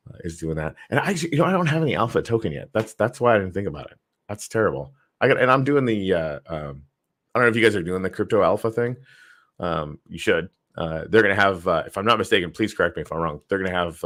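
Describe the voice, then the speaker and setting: A man's voice: deep voice, a bit bright. A man hosting a casual livestream, rambling with lots of fillers and restarts, reading viewer comments aloud and answering them. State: tired. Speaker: show host.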